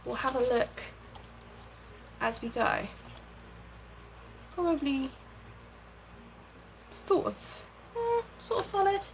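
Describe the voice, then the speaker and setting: A woman's voice: sits high, sing-song, slow pace, vocal fry, pauses often, a little hiss or hum, rough recording. A woman hosting a casual craft livestream from her home craft room, chatting, thinking aloud and thanking viewers by name. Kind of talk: casual live-stream chat while crafting.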